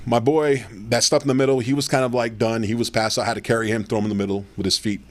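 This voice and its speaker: A man's voice: medium pitch, little pitch movement, fast talker. Rambling, profane man telling stories. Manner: rambling, profane, full of fillers and "you know". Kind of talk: casual storytelling chat.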